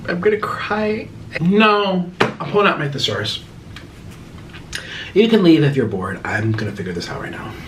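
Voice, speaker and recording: A man's voice: medium pitch, very animated, moderate pace, long pauses, background noise. A young man hosting a casual vlog Q and A, talking straight to camera with dramatic swings between exasperation and mockery. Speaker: YouTuber hosting a Q and A.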